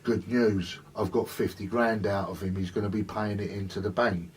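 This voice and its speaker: A man, joining the interview to tell his side of the stories in a lively, anecdotal way. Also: on the low side, normal speed, a little hiss or hum. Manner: animated anecdote-telling. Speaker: interview guest. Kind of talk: casual storytelling. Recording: voice distant from the mic.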